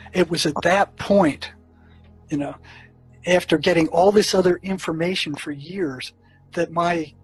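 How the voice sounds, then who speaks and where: A man with a slightly raised voice recounts his years as a prison therapist. His telling is earnest and halting, full of restarts and fillers. Faint music plays underneath. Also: on the high side, poor audio. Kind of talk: storytelling recollection.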